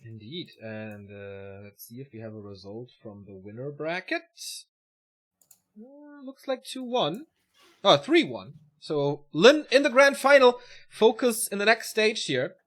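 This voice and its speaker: A man's voice: a little high, sing-song, measured pace. A man co-casting a live strategy game match, relaying results and announcements and teasing his partner. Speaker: esports co-caster.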